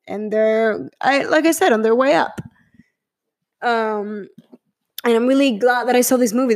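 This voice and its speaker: A woman from Spain, gushing and swearing casually as she reviews a film in a chatty vlog. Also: fairly high pitch. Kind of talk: casual chat.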